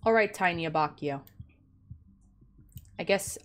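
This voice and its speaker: A woman's voice: lowish voice, moderate pace, pauses often. A woman streamer chatting casually and rambling in a joking, self-deprecating way, close to her microphone at home. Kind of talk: casual gaming stream chat. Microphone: close desk microphone.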